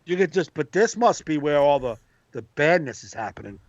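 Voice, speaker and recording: A man, a comedian hosting a podcast, telling a profane, animated story in casual banter. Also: a little high, moderate pace, no room sound, highs cut off. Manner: animated storyteller, profane, acts out quoted voices.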